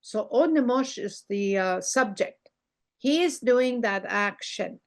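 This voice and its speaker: An older woman teaching a language lesson over a video call, slow and patient, repeating words for her learners. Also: fairly high pitch, expressive.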